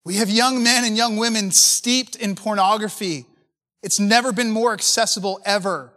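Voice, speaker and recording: Impassioned high-voiced man preaching in a hall. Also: normal speed, bright, forceful tone. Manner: impassioned, conversational with rhetorical questions. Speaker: pastor. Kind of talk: preaching to church leaders.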